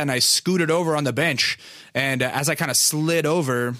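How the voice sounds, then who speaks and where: A man's voice: mid-range voice, brisk, sharp tone, no echo. Laid-back man telling crude stories. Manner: rambling, laid-back, crude humor, laughs at himself. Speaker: podcast host. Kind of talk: casual storytelling monologue.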